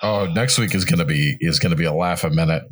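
A man with a fairly low voice co-hosts a casual podcast. He tosses in dry, sarcastic one-liners in an easy, offhand manner. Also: quick pace. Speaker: podcast co-host. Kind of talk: casual chat.

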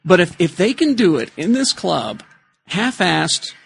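A man hosting a casual group podcast, telling stories and reading out news items in a rambling, animated way. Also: high voice, unhurried, vocal fry, a little hiss or hum. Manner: rambling, animated storyteller, laughs often.

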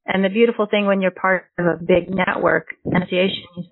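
A woman's voice: mid-range voice, fairly even intonation, brisk, creaky, no room sound. A woman who hosts a recruiting podcast, chatting in an affirming, conversational way. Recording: tinny phone-like dry sound.

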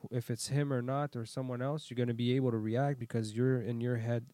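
A man in casual chat, swearing freely and telling lively stories. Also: mid-range voice, a little fast, no room sound. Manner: swears a lot, animated storyteller.

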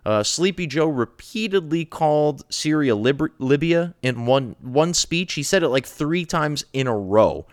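A man's voice: on the high side, lively intonation, unhurried, hardly any pauses, no room sound, clean studio sound. A man hosting a political commentary show, delivering a profane, mocking, sarcastic rant.

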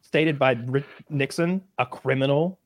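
A man talking loosely and at length, sliding sarcastic jokes into his rambling. His voice sits at an ordinary middle pitch and is recorded close and dry, with no room sound. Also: measured pace, no room sound. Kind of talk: casual chat.

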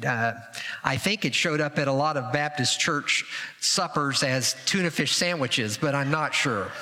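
A man preaching a sermon as pastor, animated and dramatic in retelling the story. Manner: animated, acts out quoted voices with rising pitch. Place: church sanctuary. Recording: reverberant hall.

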